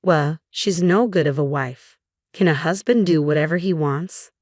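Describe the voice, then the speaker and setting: A smug, sexist husband talks down to everyone in a dismissive, condescending voice, read by a woman. The voice sits low, and the recording is dry and close with no room around it. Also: moderate pace, a little mellow, no room sound. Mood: contemptuous. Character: arrogant sexist middle-aged office husband.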